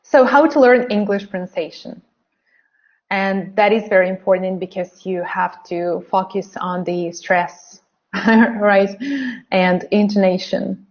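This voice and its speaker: A woman teaching English pronunciation in an online webinar, drilling phrases slowly by repeating them. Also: mid-range voice, fairly even intonation, muffled recording. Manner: slow, drilling phrases by repetition.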